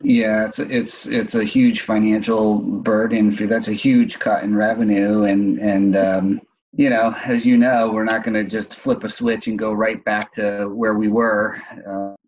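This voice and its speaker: A man with a fairly low voice asks questions as the interviewer, talking conversationally and stumbling over repeated words. The sound is dull and muffled, like lo-fi audio. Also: level tone, a little slow, darkish tone.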